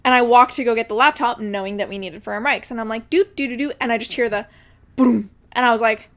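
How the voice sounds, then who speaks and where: A woman's voice: fairly high pitch, steady tone, fast talker, a bit bright. A young woman co-hosting a podcast, chatting casually, swearing and laughing often. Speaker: podcast co-host. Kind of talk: casual chat.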